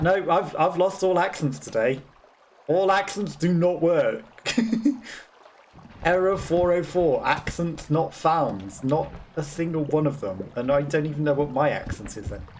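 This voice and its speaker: A young man from England's West Midlands, speaking with a Black Country accent, chats and laughs at himself as he streams a game. His voice sits fairly high, with slight background noise. He offers casual, self-mocking gameplay commentary and laughs often.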